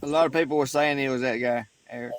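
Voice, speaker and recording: A man tells a casual story on a livestream, his voice mid-pitched and easygoing. A faint noise and some clicks sit behind him. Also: steady tone, fast.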